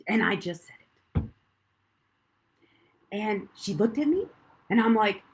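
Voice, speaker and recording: A middle-aged woman pastor preaching live to her congregation, her voice husky with some gravel at the edges. She tells a personal story candidly, letting her volume fall to a hush and rise again for emphasis. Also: a little high, lively intonation, measured pace, long pauses, low-quality recording. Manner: candid, storytelling, swings from hushed to loud. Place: church stage, live.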